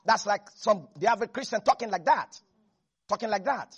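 High, husky woman preaching. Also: lively intonation, brisk. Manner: emphatic, repeats phrases, jokes and laughs between points. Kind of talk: sermon.

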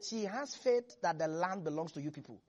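A man preaching a lively sermon who acts out biblical figures and laughs often. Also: on the high side, fairly quick, lo-fi sound.

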